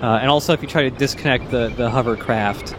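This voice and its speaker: A man's voice: medium pitch, fast, noisy background. A man giving casual, rambling commentary while playing a video game. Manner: chatty, rambling with many fillers. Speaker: let's play commentator. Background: game music.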